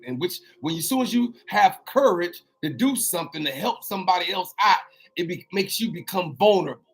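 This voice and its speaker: Brief: male motivational host, high voice, preachy, repeats himself, call-and-response asides. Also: fairly bright tone, breathy edge. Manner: drawn-out exclamations.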